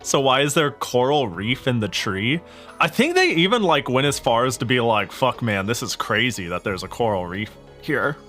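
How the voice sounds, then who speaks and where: A man's voice: mid-range voice, very animated, normal speed, pushed and bright, faint music behind. Rambling, joking male streamer. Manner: rambling, joking, swears often, frequent self-corrections. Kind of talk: casual gaming stream chatter.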